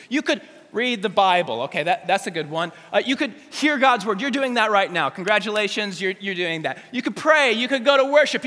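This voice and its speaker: A male youth pastor preaching to teens in an energetic, joking way, talking straight to them. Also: high-pitched. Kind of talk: youth sermon. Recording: long hall reverb.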